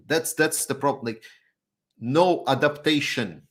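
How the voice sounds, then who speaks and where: A man's voice: on the low side, normal speed, fairly bright tone. A man appearing as a guest YouTuber in a live Q&A chat, speaking bluntly and sarcastically.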